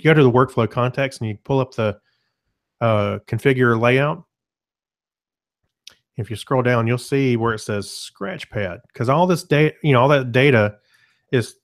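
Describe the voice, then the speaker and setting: A man talks through a software demo in a relaxed, conversational way, often restarting his sentences. He keeps clearing his throat as he goes. His voice sits at an ordinary middle pitch for a man, heard through a computer mic on a web call. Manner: relaxed, loose, self-correcting explanations. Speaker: presenter. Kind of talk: casual software demo webinar.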